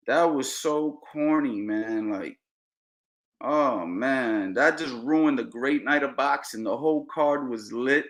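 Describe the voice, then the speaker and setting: A man's voice: a little high, a little slow. A man hosting a boxing podcast, ranting heatedly and repeating himself. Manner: animated, ranting, repeats phrases. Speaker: podcast host.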